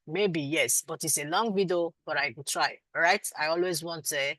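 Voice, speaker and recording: Low-voiced Nigerian woman teaching online. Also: normal speed, fairly bright tone, no echo, poor audio. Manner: affectionate, calls students sweetie and my love; firm, insistent teacher. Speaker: instructor. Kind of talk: live online class Q&A.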